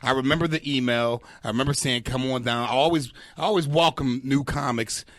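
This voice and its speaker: A man in his forties, a stand-up comic guest on a podcast, talking in an animated, profane way with frequent laughs and repeated words. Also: mid-range voice, brisk, no echo. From Pittsburgh area. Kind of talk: casual chat.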